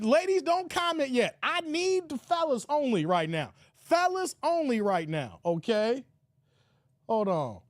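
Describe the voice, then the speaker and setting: A man hosting a casual livestream, reading chat comments in an animated way, with stuttered repeats and frequent laughter. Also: very high voice, no room sound, studio quality. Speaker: livestream host.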